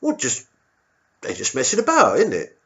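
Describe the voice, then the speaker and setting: A man doing a nervous young soldier, his voice pushed up high and his answers trailing off into vague, repeated hedges. He sounds anxious and evasive, as if he dreads a superior's questions. The sound is dull and lo-fi. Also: wildly swooping pitch, normal speed, fairly bright tone. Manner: hesitant, mumbling, repeats himself. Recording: dull lo-fi recording.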